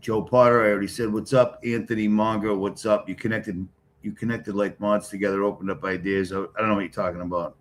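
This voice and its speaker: Blunt wisecracking middle-aged guy from boston, low voice, chatting with his live stream viewers. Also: moderate pace, a bit bright, slight background noise. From Boston area, New England. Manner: blunt, wisecracking, talks straight to chat. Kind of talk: casual live-stream chat, greeting commenters.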